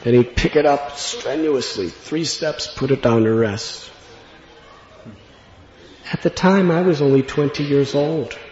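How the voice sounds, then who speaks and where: A man telling a devotional story in an earnest, reflective way, laughing gently at times. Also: mid-range voice, measured pace. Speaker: spiritual speaker. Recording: dull lo-fi recording in an echoey hall with long reverb.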